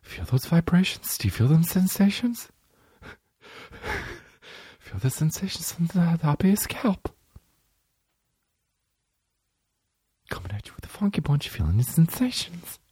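Whispered role-play: man doing a breathy, swaggering bro-celebrity ASMR bit, high, dry close sound. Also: wildly swooping pitch, moderate pace, long pauses, no room sound, full character voice. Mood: mock-soothing.

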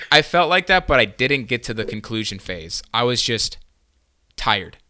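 A man's voice: mid-range voice, sing-song, measured pace, pushed and bright, no room sound, studio quality. A young man telling a long story on a casual podcast, rambling with lots of fillers and swearing. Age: young adult. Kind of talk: casual chat.

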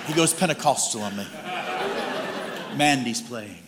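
A man's voice: medium pitch, animated, unhurried, very noisy. Male guest preacher telling stories. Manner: humorous, anecdotal, conversational delivery. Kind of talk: storytelling sermon. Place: church. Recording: long hall reverb with music behind.

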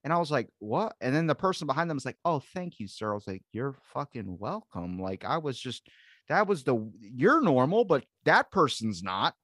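Male podcast host, mid-pitched, dry close sound, profane storyteller. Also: moderate pace, no room sound. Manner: animated storyteller, swears constantly, acts out quotes. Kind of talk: casual chat.

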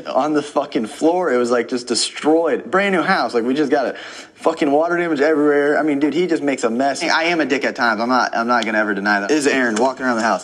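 A young man in a heated, profane, defensive rant about accusations made against him. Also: medium pitch. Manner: profane, defensive, fast-talking. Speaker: YouTuber responding to allegations.

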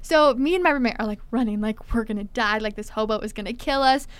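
Young woman, smooth clear slightly high voice, lively storyteller who acts out quotes. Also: quick pace. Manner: animated, acts out quotes, heavy filler "like". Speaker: storyteller guest. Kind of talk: casual storytelling chat.

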